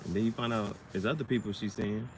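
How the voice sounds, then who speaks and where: Man, low register, casual slangy freestyle rambler, slight background noise. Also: steady tone, quick pace. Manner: loose, slangy, playful rhymes. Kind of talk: casual rhyming monologue.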